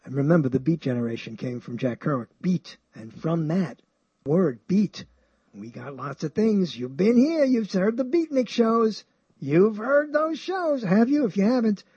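A man hosting a show, talking about books in a rambling, animated way, often chuckling and swinging his pitch high and low. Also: normal speed, breathy edge, no echo, muffled recording. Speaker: show host. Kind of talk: rambling radio-style talk about books.

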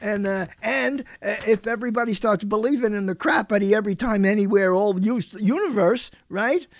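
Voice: mid-range voice, moderate pace, dry recording, studio quality. A talk show host delivering a rambling live late-night monologue, full of chuckling asides.

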